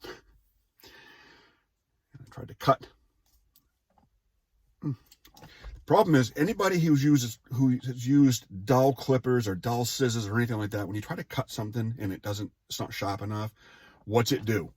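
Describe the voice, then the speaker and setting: A man's voice: medium pitch, normal speed, long pauses, a little mellow, husky, no echo. A man in his forties telling a personal story casually, rambling off on tangents and interrupting himself with wry asides. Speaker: vlogger.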